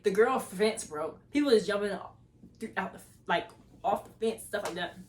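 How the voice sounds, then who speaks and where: A woman's voice: mid-range voice, animated, normal speed. A young woman vlogger telling a story casually and animatedly, acting out the voices of the people in it.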